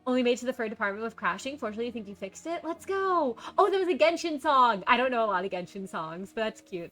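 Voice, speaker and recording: A bubbly woman streamer chatting casually with her viewers, reading their messages aloud and greeting newcomers into a desk microphone. Her voice is high and bright, with faint music playing behind her. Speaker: game streamer. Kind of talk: casual live-stream chat.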